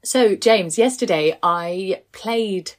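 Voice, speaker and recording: A woman's voice: medium pitch, slow pace. A woman co-hosting a podcast, chatting casually in a self-deprecating way. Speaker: podcast co-host.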